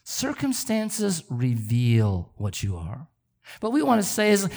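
This middle-aged pastor takes his sermon slowly, his fairly high voice rough and gravelly. Animated throughout, he repeats words haltingly and asks the congregation rhetorical questions.

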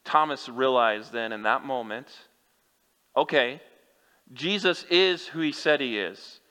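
A man preaching an unhurried sermon in a bright, forceful voice. His earnest address to the congregation rings out with a long hall reverb, as in a church sanctuary. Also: medium pitch, clean tone. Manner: earnest direct address to listeners. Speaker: pastor.

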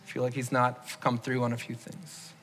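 A man's voice: mid-range voice, completely flat delivery, normal speed, a bit bright, soft background music. A man preaching a sermon as pastor, earnestly asking the congregation to raise their hands. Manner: earnest, leads the congregation in raised-hand questions. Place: church sanctuary. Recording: long hall reverb.

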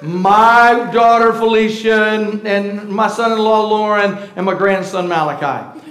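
High-voiced pastor in an echoey church. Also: male voice, fairly even intonation, measured pace, a bit bright. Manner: conversational preaching, calls out to the congregation. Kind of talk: sermon. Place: church sanctuary. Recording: roomy echoey hall.

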